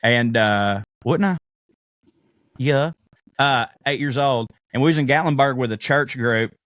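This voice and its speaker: A man's voice: mid-range voice, unhurried, a bit bright, no echo, studio quality. Profane man telling stories. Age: 30s. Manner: profane, storytelling, laughs often. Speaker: podcast co-host. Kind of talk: casual chat.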